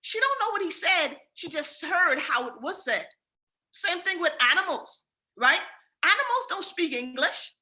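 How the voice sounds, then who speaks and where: Bahamian woman, team trainer: bright, high voice with lots of swing, emphatic and direct. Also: big pitch swings, unhurried. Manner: emphatic, repetitive, addresses listeners directly.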